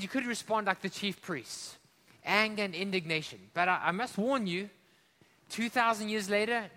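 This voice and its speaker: A man from Africa preaches with a fairly high, forceful voice that lands hard on key words and then sinks almost to a hush. He keeps putting questions to the congregation. The sound carries a long reverb, as in a large echoing church hall. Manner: impassioned, swinging between loud emphasis and hushed drops. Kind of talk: sermon.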